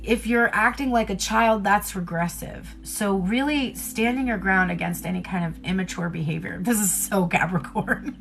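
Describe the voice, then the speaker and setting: A woman at a medium pitch gives a casual livestream tarot reading. She rambles loosely through plenty of fillers. She laughs a lot and drops the odd swear word. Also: normal speed, gravelly, a bit bright, slight background noise. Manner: chatty and candid, laughs often, swears casually. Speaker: tarot reader.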